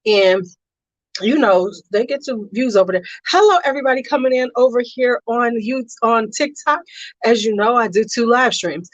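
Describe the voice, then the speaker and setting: A woman's voice: fairly high pitch, dry recording. A young adult woman chatting casually on a beauty and fragrance livestream, greeting viewers by name and dropping slangy asides. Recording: slightly dull, dry home recording.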